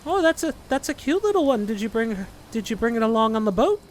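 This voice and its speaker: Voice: medium pitch, big pitch swings, fast talker, a little hiss or hum, pitched above the performer's own voice, close to an everyday voice. A game master voicing Ellie, a cheerful female senior adventurer guide in a tabletop game, in a raised, friendly voice.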